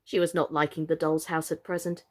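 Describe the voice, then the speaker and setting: A woman reading a children's book aloud as a storyteller, slow, gentle and expressive. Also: deep voice.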